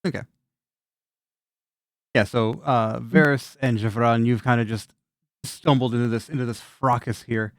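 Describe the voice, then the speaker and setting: A man's voice: medium pitch, fairly even intonation, measured pace, long pauses, dry recording, studio quality. A man running a tabletop game as game master, narrating loosely with laughs, restarts and swearing.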